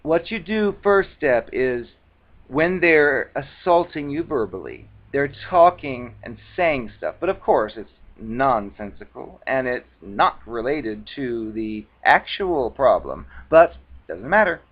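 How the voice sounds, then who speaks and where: A man's voice: medium pitch, sing-song, slow pace. A man giving advice in a casual talking-head monologue, speaking conversationally and acting out the retorts he quotes. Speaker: advice vlogger. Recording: dull lo-fi recording.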